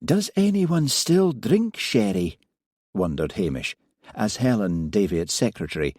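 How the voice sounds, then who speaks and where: A man narrating an audiobook in a measured, even way. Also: low-pitched, dry recording, studio quality. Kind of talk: scripted narration.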